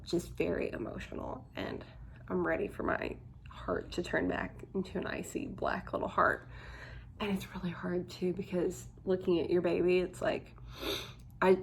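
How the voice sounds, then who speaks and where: Candid young woman vlogger, low gravelly voice. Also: fairly bright tone, a little hiss or hum. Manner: chatty, candid, frequent "like" fillers. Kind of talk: casual chat to camera.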